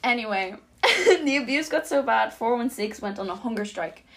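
A woman's voice: on the high side, moderate pace. A young woman, co-hosting a casual chat and telling a story with loose swearing. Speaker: podcast co-host.

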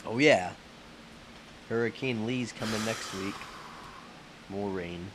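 A man's voice: lowish voice, takes it slowly, noisy background. A man co-hosting a casual podcast, laid-back and dry in his replies. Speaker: podcast co-host.

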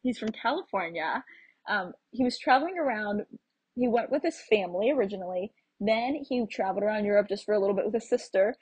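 A young woman with an American accent tells her travel stories in a loose, chatty way, full of fillers and restarts. Her voice sits at a middle pitch with a touch of huskiness, and the recording is close and dry. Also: lively intonation, fairly quick, a little mellow, husky, no echo, poor audio. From United States. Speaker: travel vlogger. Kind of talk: casual travel storytelling.

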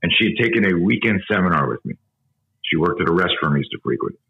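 Deep-voiced man telling an intense story. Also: big pitch swings, quick pace, gravelly, phone-quality sound. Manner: emphatic, profane, vivid storyteller. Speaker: guest, self-defense instructor. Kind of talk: intense storytelling in a podcast interview.

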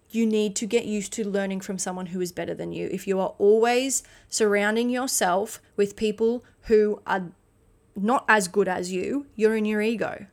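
A woman giving a blunt motivational monologue as a podcast host, swearing freely and restarting sentences. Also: medium pitch. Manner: acts out quoted voices in animated bursts.

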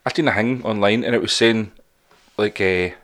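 A man co-hosting a podcast, teasing and interrupting in casual chat with halting restarts. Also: fairly low pitch, fairly bright tone. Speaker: podcast co-host.

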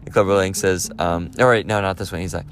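A man's voice: deep voice, steady tone, quick pace, smooth. A man chatting casually as a movie vlogger, rambling with lots of fillers and restarts. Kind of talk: casual chat.

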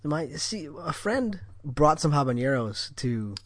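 Animated chatty man from Wisconsin. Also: a little high, unhurried, no room sound, clean studio sound. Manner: rambling storyteller with frequent restarts. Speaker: podcast co-host. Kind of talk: casual chat.

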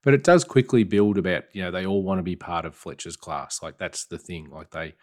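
Aussie guy chatting about a movie, lowish voice, acts out the scenes. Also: fairly quick. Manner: animated retelling, acting out scenes in quoted voices. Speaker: podcast co-host. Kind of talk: casual film discussion.

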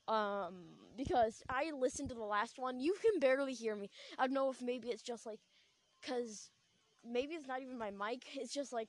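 A young woman hosting a podcast, chatting casually in a rambling, giggly way full of filler words, recorded on a small clip-on lapel mic. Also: a little high. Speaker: podcast host. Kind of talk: casual chat.

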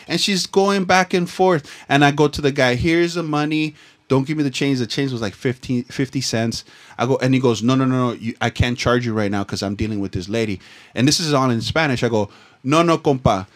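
A man's voice: medium pitch, brisk. Profane, slangy man from Southern California. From Los Angeles, USA. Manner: profane, slangy, rambling with restarts. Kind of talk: casual storytelling chat.

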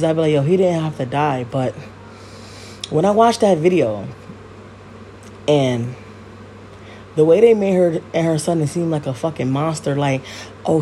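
A woman's voice: sits low, a little hiss or hum. Blunt, foul-mouthed woman podcaster ranting. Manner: blunt, heavy swearing and slang; animated, repeats herself. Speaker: podcast host. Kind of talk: casual commentary rant.

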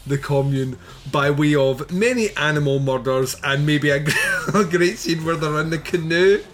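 A man's voice: a little high, measured pace, a bit bright, a little hiss or hum. A man co-hosting a podcast, chatting casually and animatedly about a film, laughing often and swearing freely. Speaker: podcast co-host reviewing a film. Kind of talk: casual chat.

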